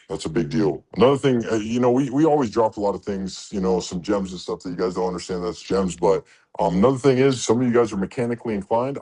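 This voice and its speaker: A man's voice: on the low side, mellow, breathy edge. A man coaching truckers in a blunt, profane motivational talk, acting out quoted exchanges as he goes. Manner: blunt, swears a lot, acts out quoted exchanges.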